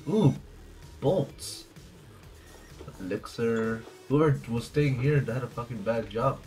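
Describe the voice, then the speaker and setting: A man giving casual, profane video game commentary, jumpy and quick to laugh at himself. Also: mid-range voice, darkish tone, faint music behind. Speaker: gameplay commentator.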